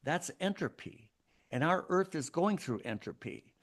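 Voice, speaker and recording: A man's voice: fairly high pitch, expressive, measured pace. A man hosting a solo podcast, arguing his points in an emphatic, preachy way. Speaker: podcast host.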